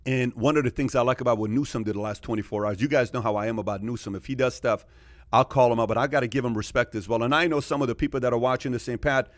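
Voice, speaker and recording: A man's voice: mid-range voice, no room sound. A man hosting a casual podcast discussion, telling stories animatedly and acting out quoted exchanges, with frequent fillers. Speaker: podcast host.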